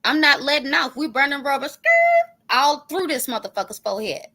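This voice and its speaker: A woman streamer who does online commentary delivers a heated callout rant. Her voice is high, quick and sharp, and she's profane, confrontational and sarcastic.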